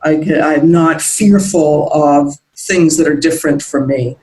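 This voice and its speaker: A woman's voice: low voice, unhurried, mellow, poor audio. A middle-aged American woman being interviewed as a guest, talking in a reflective, meandering way with many restarts. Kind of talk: casual interview chat.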